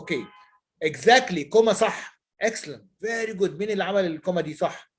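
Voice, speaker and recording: A man's voice: high-pitched, rapid-fire. A man with an Egyptian accent teaching an online English class, patiently repeating and drilling example sentences. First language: Egyptian Arabic. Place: online class over video call.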